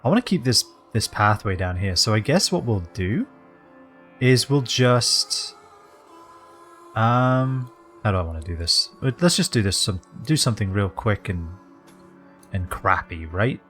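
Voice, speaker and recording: Lively man rambling over a game. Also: fairly low pitch, a little slow, faint music behind. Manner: rambling and jokey, drifting into put-on accents. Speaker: game streamer. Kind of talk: casual let's-play commentary.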